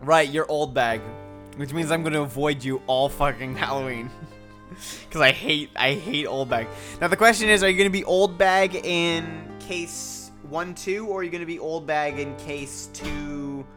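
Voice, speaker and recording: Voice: mid-range voice, moderate pace, fairly bright tone, faint music behind. Rambling, swearing game streamer. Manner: swears often, rambling, laughs a lot. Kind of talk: casual let's-play commentary.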